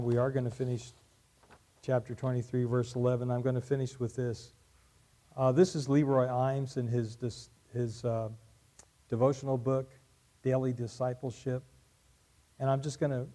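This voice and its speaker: A man pastor preaching a sermon, reading aloud with loud emphatic peaks and quiet soft endings. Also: medium pitch. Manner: drops to quiet, soft closing lines.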